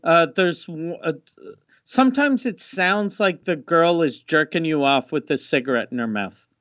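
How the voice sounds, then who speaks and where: A man's voice: on the high side, lively intonation, fairly bright tone, no echo. Muffled man. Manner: rambling, halting, full of fillers. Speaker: podcast co-host. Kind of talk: crude casual banter. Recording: dull, muffled podcast audio.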